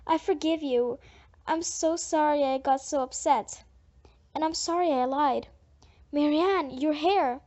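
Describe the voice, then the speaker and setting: A woman voicing a warm, forgiving twelve-year-old friend who speaks eagerly. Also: high voice, measured pace. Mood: affectionate. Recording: dull lo-fi audiobook recording.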